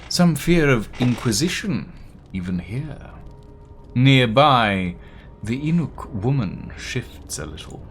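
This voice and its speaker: A man narrating a tabletop role-playing game as game master, describing characters' actions at an unhurried pace. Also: mid-range voice, big pitch swings, vocal fry, a little hiss or hum.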